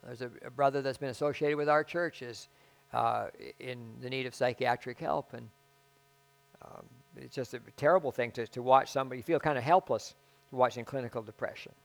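A man preaching a conversational sermon as pastor, halting and self-deprecating, with frequent restarts. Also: medium pitch, fairly even intonation, gravelly.

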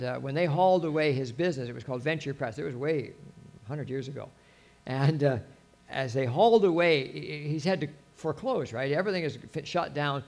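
Gravelly-voiced man preaching. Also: on the high side. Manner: conversational preaching with anecdotes and restarts. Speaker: pastor. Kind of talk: sermon.

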